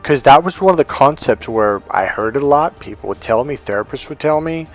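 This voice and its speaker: A man working as a dating coach, telling a story in a casual, profane, animated way and acting out the voices of the people in it. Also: mid-range voice.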